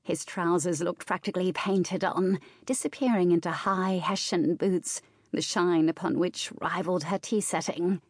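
A woman's voice: lowish voice, a little mellow, no echo, clean studio sound. Woman narrating a period romance. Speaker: audiobook narrator. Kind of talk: scripted narration.

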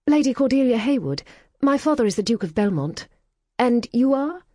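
A woman's voice: on the high side, big pitch swings, moderate pace, warm tone, no room sound, studio quality, pitched above the performer's own voice. A woman voicing a proud, cold young English noblewoman who speaks in clipped, disdainful phrases.

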